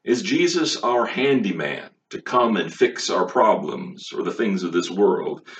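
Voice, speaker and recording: A man's voice: lowish voice, animated, a little slow. A man preaching a sermon, emphatic and full of rhetorical questions, recorded on a distant mic with a dull, lo-fi sound. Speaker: pastor.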